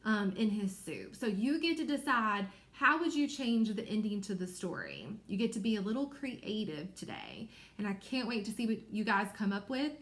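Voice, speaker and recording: A woman teacher giving a recorded reading lesson to young children, explaining clearly and encouragingly. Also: on the high side, echoey room.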